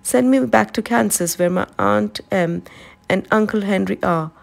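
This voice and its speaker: A woman's voice: mid-range voice, measured pace, creaky. A woman reading aloud, voicing a meek and earnest little girl who pleads to be sent home.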